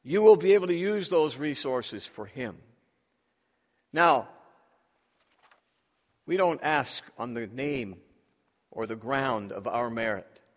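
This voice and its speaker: A man's voice: mid-range voice, lively intonation, slow, long pauses. A man preaching a sermon with emphasis, drawing responses from his congregation. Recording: long hall reverb.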